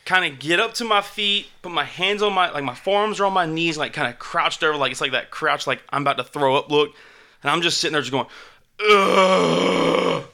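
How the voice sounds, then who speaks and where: A man telling a fall story to friends in casual chat, animated, swearing often and saying "like" a lot. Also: a little high, fast talker. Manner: animated, swearing, heavy use of "like".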